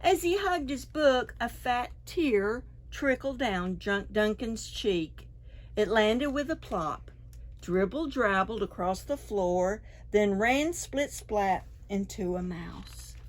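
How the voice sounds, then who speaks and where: A woman librarian reading a picture book aloud to preschoolers in a library, expressive and full of sound effects and asides. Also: mid-range voice, slow pace. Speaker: children's librarian. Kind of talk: preschool storytime read-aloud.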